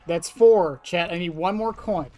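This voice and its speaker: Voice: mid-range voice, a little slow, dark tone, faint music behind. A streamer with a cracking voice, laughing often and joking with chat during live gaming commentary.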